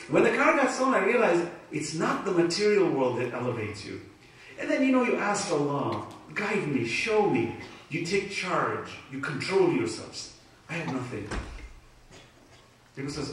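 Recorded far from the mic in an echoey community hall with faint noise, a man delivers an emotional religious talk as an Islamic speaker. His fairly high voice moves at normal speed as he animatedly tells personal stories with laughter.

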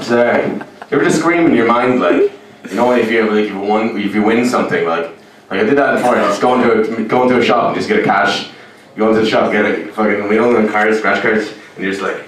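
An Irish man doing a rambling, deadpan stand-up routine in a comedy club, breaking into sudden shouts and yelps. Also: fairly low pitch, moderate pace, background noise. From Ireland. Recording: echoey club, mic heard from a distance.

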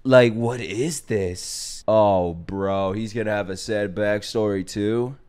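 A young man hosting an anime reaction video, talking casually, swearing freely, breaking into laughs and shouts. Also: fairly low pitch, slow, clear, resonant tone.

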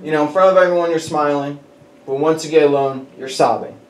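Male preacher, casual storytelling sermon, animated delivery, slightly high voice, roomy hall sound. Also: brisk, distant mic. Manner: animated, chuckles through his stories. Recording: echoey hall with faint background noise.

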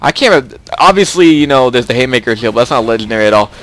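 A man's voice: mid-range voice, expressive, racing, fairly bright tone. A young man hosting a casual game commentary, chatty and rambling, often repeating himself. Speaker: let's play host.

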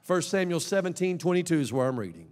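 Brief: high-pitched male pastor, emphatic sermon delivery, long church-hall reverb. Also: big pitch swings, quick pace. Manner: emphatic, swings between soft asides and loud exhortation. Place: church sanctuary.

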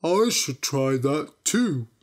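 A woman reading a storybook aloud, voicing a dim-witted older brother who talks slowly. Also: sits low, big pitch swings, a little mellow, heavily acted. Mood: dull. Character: dim, angry older brother, grown man.

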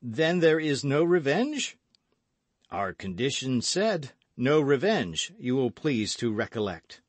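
A man voicing a stiff, formal male English gentleman in an audiobook. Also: medium pitch, sing-song, slow, dry recording, pitched above the performer's own voice.

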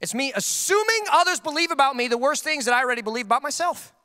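A young adult man preaching a sermon as pastor, telling stories with comic, animated outbursts. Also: extremely high pitch, quick pace. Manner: comedic storytelling with animated outbursts.

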